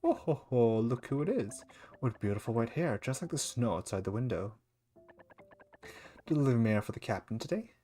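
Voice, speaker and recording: A man putting on a doting old woman in a game, gushing over young visitors. Her voice is warm in manner and a little raised. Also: medium pitch, very animated, normal speed, natural voice.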